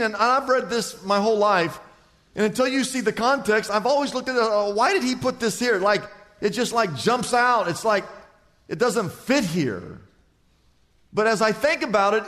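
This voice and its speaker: Pastor guy preaching, tells stories, goes loud then real quiet, high voice. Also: expressive, normal speed. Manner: storytelling, swings from loud to hushed. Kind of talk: sermon. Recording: long hall reverb.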